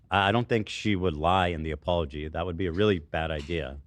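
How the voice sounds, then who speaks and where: A man's voice: low-pitched, brisk, dry recording. A man co-hosting a casual livestream, talking in an emphatic, teasing way.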